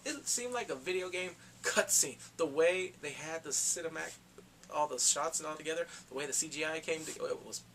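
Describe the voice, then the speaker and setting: A man giving a casual, excitable recap of a TV episode, talking in slang and acting out characters in quick asides. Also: a little high, background noise. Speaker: TV recap vlogger.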